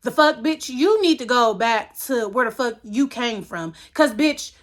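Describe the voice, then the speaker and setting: A woman's voice: fairly high pitch, lively intonation, a little slow. A woman in her thirties telling a storytime about a relative she hates, in a heated, profane rant. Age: 30s. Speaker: storyteller vlogger.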